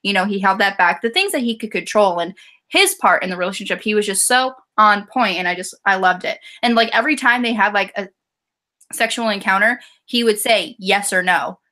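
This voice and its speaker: A woman's voice: medium pitch, a little fast, pushed and bright. A woman hosting a casual book club chat on a video call, retelling scenes with lots of laughter.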